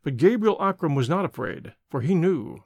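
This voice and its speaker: Male narrator, lively higher voice, dramatic measured reading, dry booth. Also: no echo. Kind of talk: scripted narration. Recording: dry close recording.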